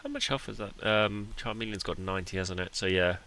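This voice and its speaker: A man's voice: lowish voice, fairly quick, bright, forceful tone. A man giving laid-back, self-deprecating commentary over his own card game match, with the odd bit of mild swearing. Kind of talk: casual gameplay commentary.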